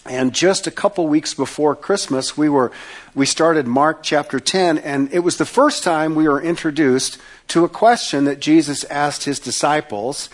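Conversational man preaching, slightly high voice. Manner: conversational, joking asides, repeats words. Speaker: pastor. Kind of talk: sermon.

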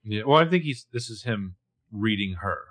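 A man's voice: on the low side, expressive, moderate pace, fairly bright tone. A man co-hosting a podcast, casually picking apart a TV episode with wry, analytical asides. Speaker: podcast co-host. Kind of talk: casual chat.

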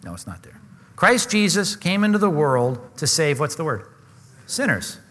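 A man's voice: a little high, sing-song, moderate pace, fairly bright tone, big-room sound. A man preaching a sermon, earnest and emphatic, often asking his listeners questions. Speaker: pastor.

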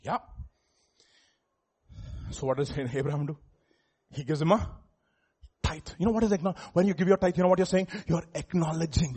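A male pastor preaching a sermon, animated, chuckling and rising to loud emphasis, often asking the congregation questions. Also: a little high, moderate pace, breathy edge.

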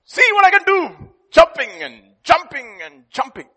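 A man's voice: very high-pitched, huge pitch swings, measured pace, bright, forceful tone, in a large hall, pitched above the performer's own voice, exaggerated voice. A man voicing a boastful cricket who hops about showing off, in a bouncy, bragging manner. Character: boastful hopping cricket, showy and loud.

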